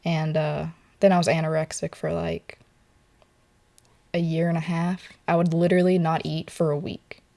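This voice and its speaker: A young woman, speaking softly and haltingly with many filler words as she tells a personal story while sitting for a portrait in an artist's studio. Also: deep voice, little pitch movement, vocal fry. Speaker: portrait model interviewee.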